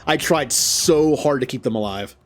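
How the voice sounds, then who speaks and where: A man giving casual gameplay commentary. He talks to the characters on screen and yelps loudly at setbacks. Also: medium pitch, normal speed. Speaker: gaming channel host.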